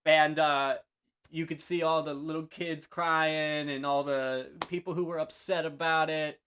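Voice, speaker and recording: A fairly high-voiced young man hosting a laid-back wrestling recap. He talks in loose stretches full of "uh" and "I mean", sometimes breaking into little acted-out quotes from the broadcasters. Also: a little slow, slight background noise. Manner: relaxed, many fillers and restarts, acts out quotes. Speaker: podcast host. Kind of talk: casual wrestling review chat.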